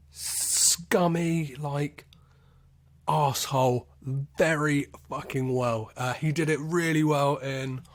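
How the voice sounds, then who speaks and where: A British man hosting a solo podcast, recapping a film in a rambling, sweary way, full of "like" and "um". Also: mid-range voice. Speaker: podcast host.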